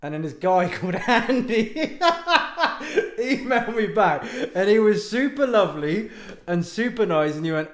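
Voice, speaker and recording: A man chats straight to the camera from his lounge, drifting from one tangent to the next. He mocks himself and swears casually, his voice sitting a little high for a man. The room adds a clear, roomy echo around him. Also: expressive, moderate pace. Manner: rambling, self-mocking, swears casually. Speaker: author talking to viewers. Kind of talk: casual rambling monologue. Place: home lounge.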